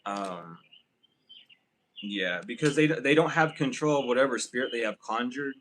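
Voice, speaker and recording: A man's voice: medium pitch, moderate pace, fairly bright tone, slight background noise, low-quality recording. A man giving a casual spiritual reading to camera, rambling and profane, often breaking into laughter. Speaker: tarot reader.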